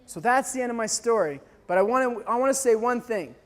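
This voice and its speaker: A man from Canada tells a gripping survival story to a crowd, his voice sitting very high for a man. He acts out the cries and dialogue with lively energy, and a long hall reverb trails each phrase. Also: brisk. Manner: animated storyteller, acting out shouts and dialogue. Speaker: speaker telling a mission story. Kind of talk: storytelling talk to a live audience.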